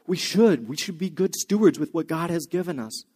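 A man's voice: a little high, animated, moderate pace, a little mellow, slightly rough. A man preaching a sermon, earnest, asking his listeners many rhetorical questions. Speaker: pastor.

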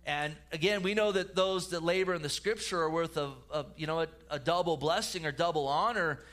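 A man's voice: fairly high pitch, a little fast, fairly bright tone. A man, a pastor, preaching a sermon in an earnest way, often repeating words and restarting phrases.

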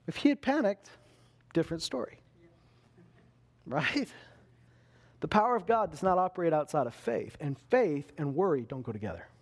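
A man preaching a sermon, talking straight to his listeners and jumping into panicked voices when he acts out a scene. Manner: animated, acts out panicked voices with big pitch swings. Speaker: pastor.

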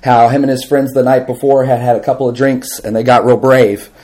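A man giving a sermon to a live audience, telling stories with animated energy, laughing and asking the room questions. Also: mid-range voice, a little fast. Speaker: preacher.

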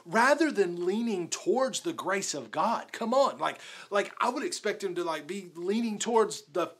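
A man's voice: sits high, animated, normal speed, fairly bright tone, slightly rough. Casual, chatty male pastor preaching. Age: adult, married with a daughter. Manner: casual, conversational preaching with many "like"s. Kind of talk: sermon.

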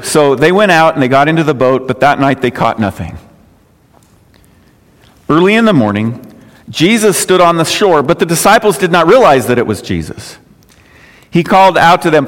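A man's voice: medium pitch, expressive, normal speed. A male pastor preaching a sermon in a conversational way, often rising for emphasis. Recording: long reverb of a hall.

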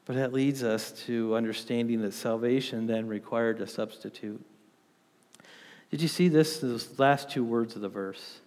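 A man's voice: mid-range voice, a little slow, a little mellow. A man in his thirties, a pastor preaching a sermon in church in a conversational way, often checking in with his listeners. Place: church with a podium. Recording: long echo of a church hall.

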